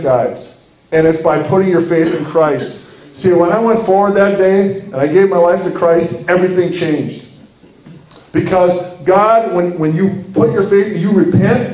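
A man's voice: on the high side, a little mellow, reverberant, rough recording. A man in his fifties from Minnesota giving an earnest, sermon-like talk, telling a story with acted quotes. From Minnesota, USA. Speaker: ministry speaker.

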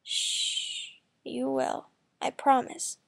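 A woman voicing a soft-spoken teenage boy killer in a hushed, half-whispered voice, read from a story. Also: high voice, unhurried, creaky.

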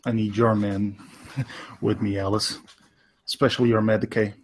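A man playing a commanding officer in a tabletop game, speaking deliberately. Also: lowish voice, level tone, breathy edge. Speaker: player. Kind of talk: tabletop role-play.

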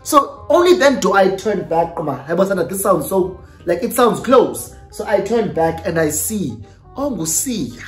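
A young South African vlogger tells a personal story with lively energy, moving between English and Xhosa mid-sentence. The voice sits at a middling pitch. The room has a noticeable echo, and soft music plays underneath. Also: normal speed. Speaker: YouTuber. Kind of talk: storytime vlog. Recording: roomy echo with faint music.

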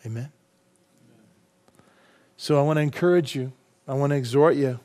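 A middle-aged man preaching a sermon, speaking at an ordinary middle pitch. He talks with fervor and keeps drawing the congregation in with rhetorical questions. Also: fairly even intonation, moderate pace, long pauses, dark tone. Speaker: pastor.

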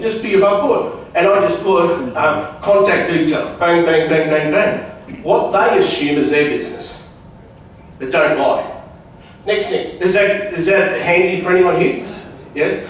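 A man's voice: a little high, measured pace, slight background noise. A man giving a chatty seminar talk to a club audience, often quizzing them with questions. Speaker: guest speaker at a club meeting. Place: meeting room at a club. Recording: echoey room, distant mic.

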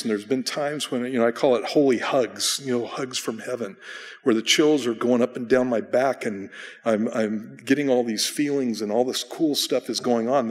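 A man of middling pitch teaches in a church, chatty and self-deprecating, with frequent restarts. His voice rings out in a long hall reverb. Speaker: pastor. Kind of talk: conversational Bible study teaching. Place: church sanctuary.

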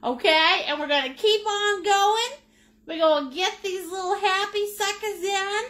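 A woman's voice: very high-pitched, a little slow, fairly bright tone. A woman with a Maine accent, teaching a live painting lesson in a chatty, jokey, upbeat way. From United States. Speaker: painting instructor.

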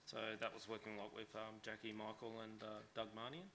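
A man presenting at a conference in a relaxed way, with lots of fillers. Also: fairly low pitch, a little fast, background noise. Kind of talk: casual conference talk.

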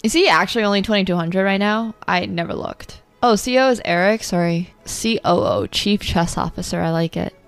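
A woman streaming her online chess games, talking through the moves and swinging from quiet muttering to loud outbursts. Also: mid-range voice, a little fast, vocal fry, few pauses, clear, resonant tone, faint music behind. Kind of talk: live commentary while playing online chess.

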